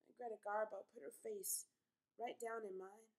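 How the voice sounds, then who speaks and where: An actress performing a dramatic monologue for an audition, telling her story in a folksy dialect and swinging from whispers to shouts. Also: medium pitch, steady tone, normal speed, natural voice, low-quality recording. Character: proud dreamy young woman telling her story.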